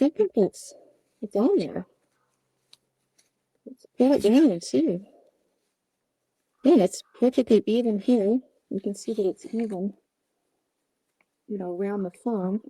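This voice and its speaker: A woman's voice: mid-range voice, a little slow, pauses often, mellow, breathy edge, no echo. A woman puppet maker talking casually through her work on a livestream, outdoors, apologizing often. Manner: chatty, self-apologetic.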